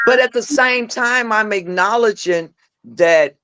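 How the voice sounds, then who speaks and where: A middle-aged woman telling candid personal stories as a podcast guest. She acts out the dialogue in her stories with lively voices. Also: fairly high pitch, takes it slowly, no echo. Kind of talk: candid storytelling chat.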